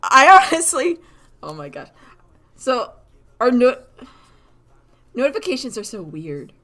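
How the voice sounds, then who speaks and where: A woman's voice: medium pitch, a little slow. Rambling woman streamer chatting while drawing. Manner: rambling and animated, laughs often, many "like" fillers. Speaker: artist streamer. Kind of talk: casual chat while drawing on a live stream.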